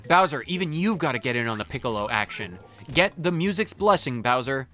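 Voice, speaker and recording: A playful let's play host chatting through a game with a goofy streak. The pitch bounces around a lot, and soft game music plays beneath. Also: very animated, fairly quick. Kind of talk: casual gameplay commentary. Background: faint game music.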